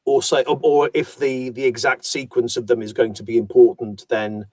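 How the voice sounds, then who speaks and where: An audiobook narrator speaks in a mid-range, slightly mellow voice with a level tone and normal speed, recorded with no room sound. In a conversational interview, he explains his work at length, thoughtful and self-deprecating.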